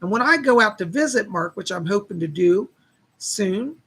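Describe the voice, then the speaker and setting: A man chats casually to viewers on a live stream in a folksy, friendly way, greeting people by name. His voice has a gravelly fry and sounds husky and strained, as if worn out from talking. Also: high-pitched, expressive, moderate pace, pushed and bright. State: strained, tired voice. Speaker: psychic reader hosting a live stream.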